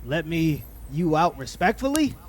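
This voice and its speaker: A man with a high voice reacts bluntly and throws in slang, keeping it casual and conversational. He talks like someone commenting on a clip for viewers. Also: sing-song, moderate pace.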